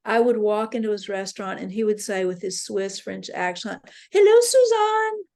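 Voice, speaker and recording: A woman's voice: mid-range voice, level tone, normal speed, vocal fry. Woman leading a dream workshop. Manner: earnest storytelling, reflective. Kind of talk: spoken workshop talk. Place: interfaith center meeting room.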